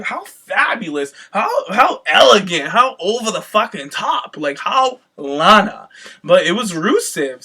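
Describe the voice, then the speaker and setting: A man's voice: on the high side, bright, forceful tone. A man hosting a podcast, recapping a reality show in sassy, gossipy casual chat, swearing freely and acting out other people's voices. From Cape Verdean heritage.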